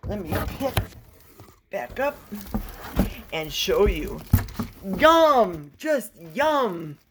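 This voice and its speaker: Woman, chatty vlogger, lively sing-song pitch, slow easy pace, handheld camera. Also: slightly rough. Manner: chatty, folksy, playful exclamations. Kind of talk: casual unboxing vlog. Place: home in a forest.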